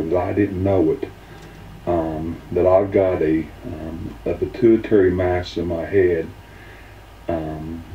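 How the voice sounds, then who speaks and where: A man giving an earnest personal testimonial, halting and full of filler ums. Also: low-pitched, slight background noise. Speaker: weight-loss testimonial speaker. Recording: roomy, distant, dull mic.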